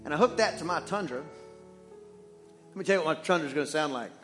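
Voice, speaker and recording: Animated joking male pastor preaching. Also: a little high, fast, soft background music. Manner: animated and joking, swings between loud and hushed. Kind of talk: sermon. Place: church.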